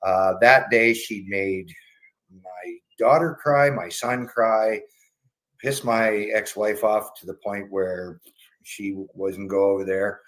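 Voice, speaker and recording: A man's voice: on the low side, slow. A man casually telling a personal story, swearing freely and acting out the voices of the people in it. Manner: animated, acts out voices in his story, frequent restarts.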